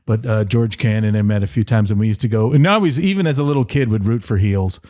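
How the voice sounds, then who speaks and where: Middle-aged man from the detroit area, rambling animated storyteller, dry close mic. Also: on the low side, fast, no room sound. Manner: rambling, animated anecdotes with playful voice impressions. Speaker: podcast guest, former wrestling writer. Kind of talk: casual interview storytelling.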